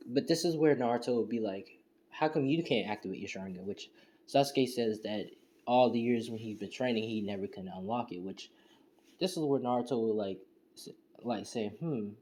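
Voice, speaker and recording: A man's voice: medium pitch, normal speed, warm tone, a little hiss or hum. A man casually retelling a fan story, rambling with lots of fillers like "you know" and "and stuff". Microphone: home screen-recording setup.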